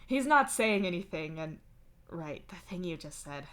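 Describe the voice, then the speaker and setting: A woman streamer giving an expressive, conversational live reading of fan fiction. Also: on the low side, measured pace.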